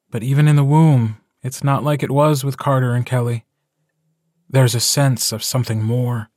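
A man narrating a story in a measured, even way in an audiobook. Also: mid-range voice, dry recording, studio quality. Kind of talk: scripted narration.

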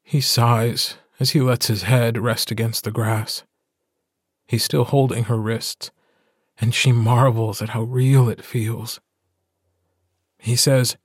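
A man narrating an audiobook in a measured, intimate way. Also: mid-range voice, level tone, husky, dry recording, clean studio sound. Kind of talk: scripted narration.

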